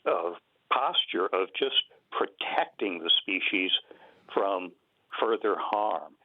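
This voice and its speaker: An older man talks through a tinny phone connection, his voice sitting low. He explains things in a measured, unhurried way, stopping now and then on fillers. The sound is dry, with no room around it. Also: no echo. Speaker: guest conservation biologist. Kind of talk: radio interview. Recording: narrow phone-line sound.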